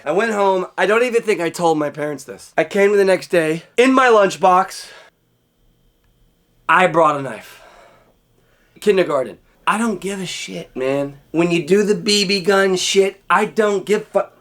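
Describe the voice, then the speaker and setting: A man telling a childhood story in a casual, profane way, acting out scenes with sudden shouts and hushed asides. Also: sits high, animated, measured pace.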